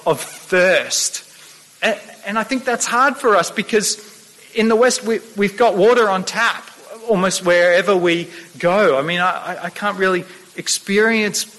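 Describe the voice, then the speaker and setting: Male preacher, bright and slightly high, earnest and halting, in a reverberant church hall. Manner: earnest, stammering restarts, slows for quoted scripture. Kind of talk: sermon.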